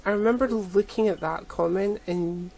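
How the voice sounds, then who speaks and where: A woman guest in a casual chat, talking thoughtfully and hesitantly with many pauses. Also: mid-range voice, a little mellow, low-quality recording.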